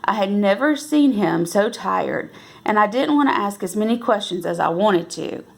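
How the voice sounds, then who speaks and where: A woman reading a novel aloud at an unhurried pace, now and then correcting herself and lifting her voice for the characters' lines. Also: mid-range voice, lively intonation, creaky. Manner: unhurried, with self-corrections and restarts. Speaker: reader.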